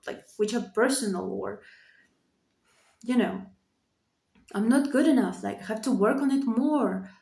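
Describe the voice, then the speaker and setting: A woman's voice: on the high side, vocal fry, mellow. A woman in her thirties talking candidly to camera in her bedroom, earnest and repetitive, swearing freely as she opens up. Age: 30s. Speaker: vlogger. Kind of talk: candid personal monologue. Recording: echoey room.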